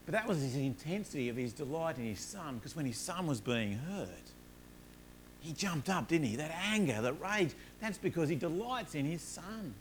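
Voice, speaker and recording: A man preaching a sermon, telling everyday stories with rising energy, then dropping low and soft to make his points. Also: expressive, moderate pace, slight background noise. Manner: earnest, rises animatedly in stories, drops low and soft on points. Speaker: pastor.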